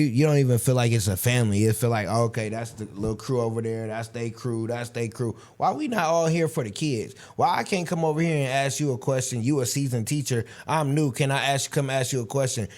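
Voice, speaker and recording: Male host, 30s, animated storyteller in casual interview. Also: medium pitch, brisk, few pauses. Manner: animated storytelling, acts out quoted voices. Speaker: podcast host.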